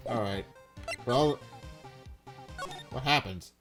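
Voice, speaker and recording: A man's voice: big pitch swings, normal speed, music in the background. Wry, chatty let's-play guy. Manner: wry, chatty, low-key. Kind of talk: reading a game aloud casually.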